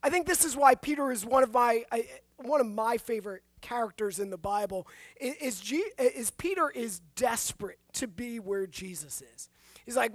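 A woman pastor preaching a sermon, animated, asking the listeners rhetorical questions and making self-deprecating asides. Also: sits high, moderate pace, no echo.

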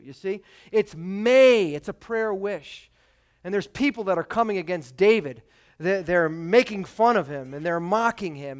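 Man, pastor, sermon, fairly high voice, loud peaks and hushed drops. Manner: swings from loud emphatic peaks to quiet, dropped phrases; dramatic reading of scripture.

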